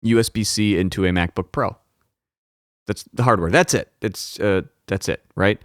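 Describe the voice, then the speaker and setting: A man's voice: fairly low pitch, normal speed, no room sound. A man hosting a podcast, talking casually and profanely about his recording setup into a close studio microphone at home. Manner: rambling, profane, self-interrupting. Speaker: podcast host. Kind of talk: casual solo talk about audio gear. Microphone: close dynamic studio microphone.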